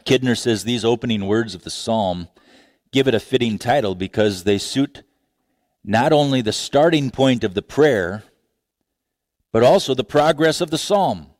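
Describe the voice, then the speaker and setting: A male pastor delivering a sermon at an unhurried, deliberate pace. His delivery is expressive, dropping low and quiet, then rising high and emphatic, and he often restarts phrases. The sound is dry and close, with little room echo. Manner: expressive preaching with big pitch swings, repeated restarts.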